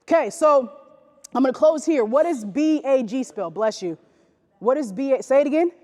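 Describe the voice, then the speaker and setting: High-voiced woman coaching in an echoey gym. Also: normal speed. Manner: energetic call-and-response with the audience. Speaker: youth basketball motivational speaker. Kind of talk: motivational talk to young players.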